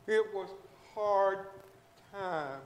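A middle-aged man, a physician, giving a fervent, emotional testimony in church and breaking into shouts of hallelujah. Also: sits high, extremely slow, roomy sound. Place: church sanctuary.

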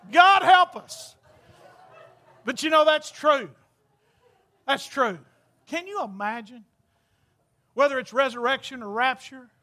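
A man's voice: very high-pitched, pushed and bright. A man preaching a folksy, exclamatory storytelling sermon, laughing at his own jokes.

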